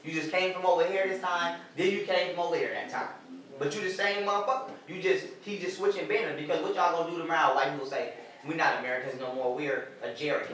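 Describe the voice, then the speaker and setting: In a high, fast, somewhat bright voice, a man gives an informal, profane, blunt talk to a small street audience, laughing at his own jokes and speaking emphatically. The sound is echoey and distant, with the crowd audible.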